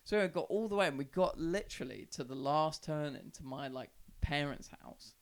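A young man with a gravelly, creaky edge to his voice, pitched a touch high for a man. He is a podcast guest telling a long, loose story. He swears often and pads his sentences with "like". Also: lively intonation, normal speed. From South East London. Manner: rambling, heavy swearing, lots of "like". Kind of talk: casual storytelling chat.

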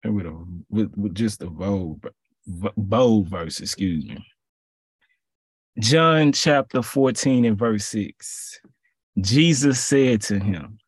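A man giving a casual sermon in relaxed slang, repeating his phrases for emphasis. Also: fairly low pitch, takes it slowly, slightly rough, no echo, studio quality. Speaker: preacher.

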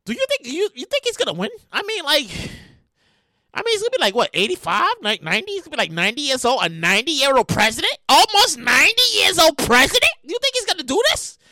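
A woman hosting a podcast, ranting loudly and comically with lots of profanity and shouting. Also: high-pitched, fast, no echo, clean studio sound. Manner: loud, animated, profane ranting with frequent shouting. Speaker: podcast host. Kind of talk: comedic current-events rant.

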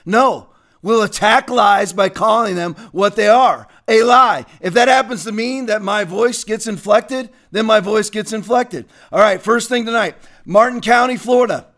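A man with a high-pitched voice hosts a livestream, speaking with fervor and heat. He greets his viewers by name in between emphatic points. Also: fairly bright tone. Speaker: livestream host. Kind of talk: religious political livestream talk.

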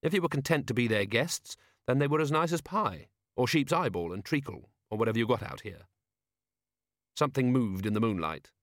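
A man reads a novel aloud in a measured, wry storytelling manner, at a middling pitch. The recording is close and dry, with no room sound. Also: expressive, a bit bright, no echo. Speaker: audiobook reader. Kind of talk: scripted narration.

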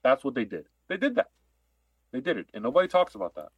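A man's voice: mid-range voice, big pitch swings, quick pace, husky, no echo, highs cut off. A man co-hosting a podcast, ranting emphatically in heated political chat and repeating his points. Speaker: podcast co-host.

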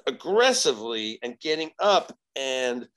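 A man telling a story as a podcast guest, animated and profane, acting out the voices in it. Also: medium pitch, unhurried, low-quality recording. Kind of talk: casual storytelling.

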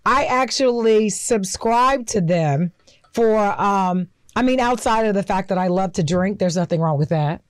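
A woman co-hosts a laid-back chat over drinks, speaking at a medium pitch with an unhurried pace and no echo. She tells a frank personal story, quoting other people's voices along the way.

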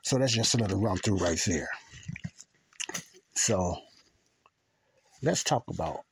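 A man's voice: sits low, expressive, slow, vocal fry, a little hiss or hum. A man teaching a Bible study, earnest and repetitive, often asking "See?" to check understanding. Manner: earnest, repeats phrases, asks "See?".

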